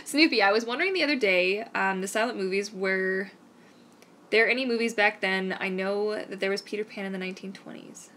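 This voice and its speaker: Bright, chatty Canadian woman. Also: mid-range voice, a little fast, slight background noise. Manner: chatty, rambling, enthusiastic. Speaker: mermaid vlogger hosting a live Q&A. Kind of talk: casual live-stream chat.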